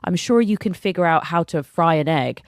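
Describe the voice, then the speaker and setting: A British woman talks through a relaxed podcast conversation in a fairly low voice, frank and a little self-deprecating. Her speech is full of easy "like" fillers. The sound is dry and close, with no room around it. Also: normal speed, no room sound. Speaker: podcast co-host. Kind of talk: casual conversational podcast chat.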